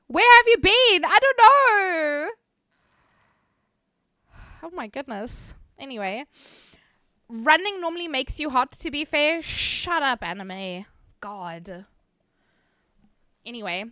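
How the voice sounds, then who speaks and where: A woman's voice: high-pitched, pushed and bright, no room sound, studio quality. A woman streamer chatting casually with her live chat, laughing often, swearing casually, and reading viewer names aloud.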